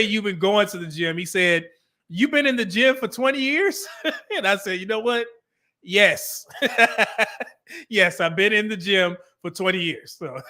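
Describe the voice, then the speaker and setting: A man's voice: high voice, bright, forceful tone. A middle-aged man hosting a casual livestream, reading chat comments in a laid-back, chatty way and laughing often.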